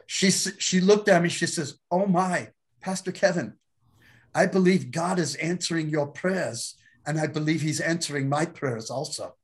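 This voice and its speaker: A male pastor telling his testimony to an interviewer, animated and quick to laugh. His voice sits a little high for a man, and he acts out the people in the story as he goes. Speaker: pastor and guest.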